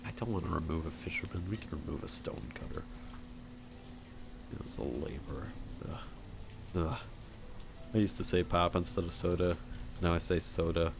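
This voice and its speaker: A man's voice: low voice, normal speed, vocal fry, pauses often, noisy background. A man with a Michigan accent, rambling and chuckling as he talks to viewers during casual gameplay commentary. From Michigan, USA. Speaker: streamer.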